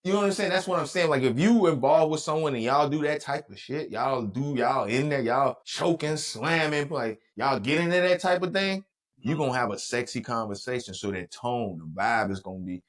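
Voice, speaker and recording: Dude on a podcast, easygoing slang, riffs and does little voices, mid-pitched. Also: male voice, moderate pace. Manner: loose, slangy storytelling with playful voice impressions. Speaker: podcast co-host. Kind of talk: casual chat.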